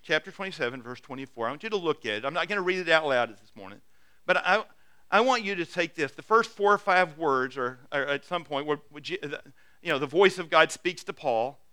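A man preaching an earnest sermon, swinging from loud urging to soft, intimate asides. His voice is bright and forceful, pitched a little above average. The sound is dry and close. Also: expressive, brisk, clean tone, no echo. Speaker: pastor.

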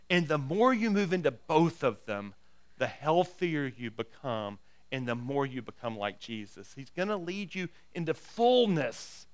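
Emphatic pastor with a smooth voice. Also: male voice, medium pitch, sing-song, unhurried. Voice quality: repeats words when starting phrases. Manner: builds to loud emphatic exhortation, then quiet prayer. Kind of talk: sermon.

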